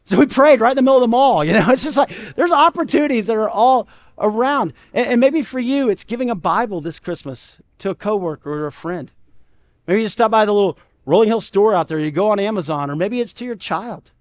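Animated high-voiced male pastor. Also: fairly quick. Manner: conversational, animated storytelling with frequent "right?". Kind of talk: sermon.

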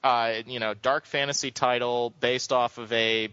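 A man co-hosting a casual gaming podcast, joking and ranting in an animated, exasperated way. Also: mid-range voice, moderate pace, smooth, dry recording. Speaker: podcast co-host. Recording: dull lo-fi sound, dry.

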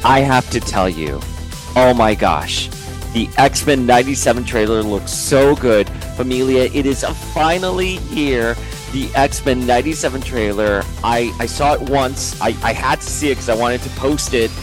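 A man's voice: mid-range voice, normal speed, over music. Gushing, stammering male fan host. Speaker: YouTube show host. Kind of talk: excited fan reaction commentary.

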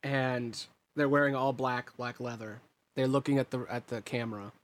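A man runs a tabletop game, describing scenes as game master in a relaxed, rambling style. His voice is medium-pitched and his speed is normal.

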